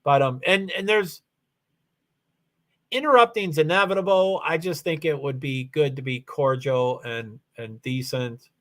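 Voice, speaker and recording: A man with a faint Kentucky accent talks his way through a casual livestream, addressing viewers at his desk. His voice sits a little high for a man, and he rambles, trailing off and restarting as he goes. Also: unhurried, a bit bright. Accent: faint Kentucky Southern. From Louisville, Kentucky, USA. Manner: rambling, hesitant, many restarts and asides. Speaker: livestream host. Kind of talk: casual solo livestream chat.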